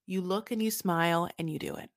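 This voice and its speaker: A woman's voice: fairly low pitch, brisk. A woman co-hosting a podcast, chatting casually and retelling scenes dramatically with quoted voices. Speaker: podcast co-host. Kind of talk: casual recap chat.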